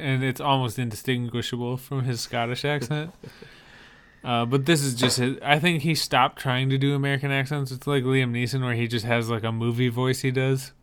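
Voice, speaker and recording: A man's voice: mid-range voice, steady tone, a little fast, fairly bright tone, clean tone. A man co-hosting a podcast, chatting casually about movie trailers and explaining details with frequent restarts. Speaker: podcast co-host.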